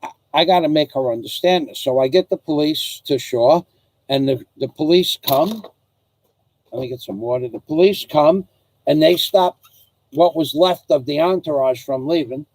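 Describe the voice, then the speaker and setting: Older male storyteller, slightly high voice, rambling and digressive, dry close sound. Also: measured pace, a little mellow, no echo, low-quality recording. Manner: rambling, digressive, full of restarts. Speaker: father recounting his life. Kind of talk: casual storytelling.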